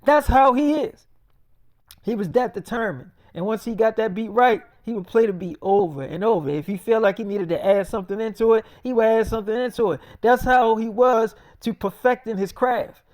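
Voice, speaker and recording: A man improvising a profane, boastful, rambling story, often quoting others in a softer, lower voice. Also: normal speed, dry recording.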